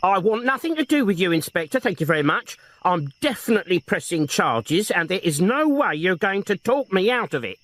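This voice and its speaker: A man's voice: high-pitched, sing-song, brisk, few pauses, a bit bright, no room sound, voice pushed up. A man voicing an indignant older woman who speaks shrilly and haughtily.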